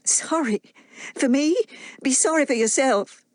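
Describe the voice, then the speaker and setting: A woman's voice: high voice, a little slow, no echo, clean studio sound, voice pushed up. A woman voicing a proud, defiant young Southern wife who speaks sharply and cuttingly.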